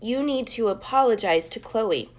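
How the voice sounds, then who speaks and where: A woman voicing a calm, patient schoolteacher in a storybook, gentle but firm. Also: fairly high pitch, moderate pace, natural voice.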